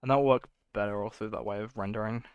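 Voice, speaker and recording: A man's voice: lowish voice, fairly even intonation, fast talker, smooth, dry recording, dull audio. A man streaming himself coding, thinking aloud in a casual, muttering way and correcting himself as he goes.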